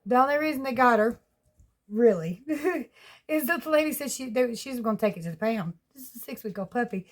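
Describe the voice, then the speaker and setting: A woman's voice: a little high, expressive, brisk. Chatty Southern woman vlogging at home. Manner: rambling, folksy, laughs often. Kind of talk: casual home vlog chat. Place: at home with pets.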